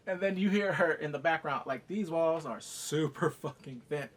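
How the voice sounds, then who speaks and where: A man's voice: on the high side, normal speed. A man giving a casual, profane recap of a TV episode. He acts out the scenes as he talks. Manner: animated, profane, acting out scenes. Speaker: TV show reviewer.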